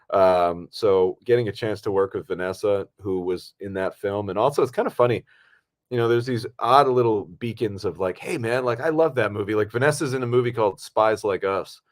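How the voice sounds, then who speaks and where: A man chatting casually as a podcast co-host, easygoing and rambling with plenty of fillers. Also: on the low side. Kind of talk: casual film podcast chat.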